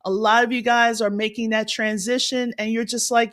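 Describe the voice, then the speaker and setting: A woman's voice: on the high side, flat delivery, moderate pace, few pauses, fairly bright tone. A woman math tutor hosting a casual livestream, chatting in an upbeat way, greeting viewers and laughing often.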